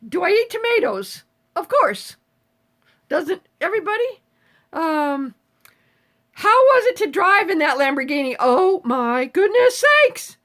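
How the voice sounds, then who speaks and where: A woman's voice: very high-pitched, very animated, unhurried, fairly bright tone. A woman in her seventies chatting casually on a live stream, reading viewer comments aloud and answering them with frequent swearing. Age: 70s.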